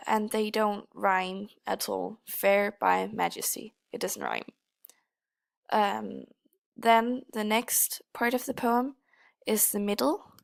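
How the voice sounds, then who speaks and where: A woman student presenting an analysis of a poem, hesitant, with pauses and fillers. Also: medium pitch, creaky. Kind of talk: spoken poetry analysis.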